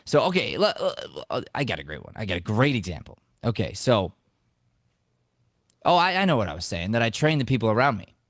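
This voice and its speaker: Lively low-voiced man hosting a podcast. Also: fairly quick, dry recording, studio quality. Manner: animated storyteller acting out quoted lines. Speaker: podcast host. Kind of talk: casual talk on acting and life.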